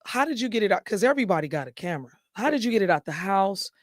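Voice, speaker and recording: A man co-hosting a casual talk show, animated and slangy, swearing freely as he talks. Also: high voice, very fast, no echo, studio quality. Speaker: co-host. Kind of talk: casual chat.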